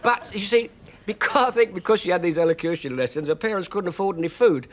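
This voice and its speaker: A man's voice: high voice, expressive, fast, a crowd in the background. A man telling a childhood story on a chat show, chatty and full of little fillers. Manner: chatty, lots of "you see", hesitant fillers. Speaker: guest storyteller.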